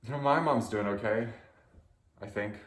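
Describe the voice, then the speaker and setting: A man performing a deadpan comic monologue for an audition, halting and hesitant with soft trailing asides. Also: fairly low pitch, echoey room.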